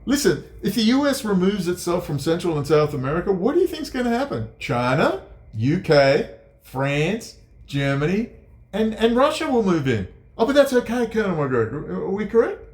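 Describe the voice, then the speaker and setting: A man's voice: very animated, normal speed. Sarcastic, profane ranting man. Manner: sarcastic, profane, swings from low mutters to high mocking outbursts. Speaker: commentator. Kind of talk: ranting political commentary. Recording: echoey room.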